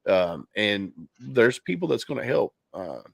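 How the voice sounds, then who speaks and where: A man hosts a relaxed podcast conversation from his home. His voice sits on the low side and sounds dry, with no room echo. He talks candidly, circling back with restarts and fillers. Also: unhurried, creaky. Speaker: podcast host. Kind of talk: casual podcast chat. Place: home basement.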